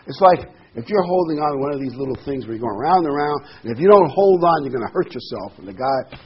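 Older man preaching, reading scripture slowly. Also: on the high side, animated. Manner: reads verses slowly and emphatically. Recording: dull lo-fi with faint noise.

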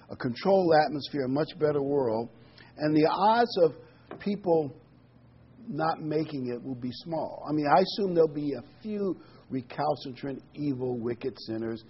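A middle-aged or older preacher gives a casual sermon, reading scripture and musing aloud in a conversational, rambling way, with many ums and restarts. His medium-pitched voice has a breathy edge, and the recording is muffled.

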